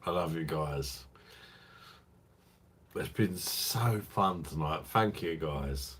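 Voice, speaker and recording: A man's voice: extremely low pitch, slow, fairly bright tone, breathy edge. A tipsy man hosting a late-night live stream, talking in crude, rambling, affectionate chat to his viewers.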